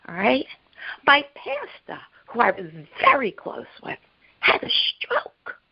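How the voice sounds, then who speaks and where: A woman telling an emotional personal story as a guest, halting and repeating herself, acting out the voices of the people she quotes. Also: sits high, wildly swooping pitch, gravelly, breathy edge, highs cut off. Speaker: guest sharing her story. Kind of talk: emotional personal testimony on a podcast.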